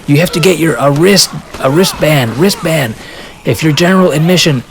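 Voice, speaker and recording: A man voicing an adult male police officer who shouts loud, bossy orders at a crowd. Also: fairly high pitch, normal speed, creaky, a little hiss or hum, voice pushed up.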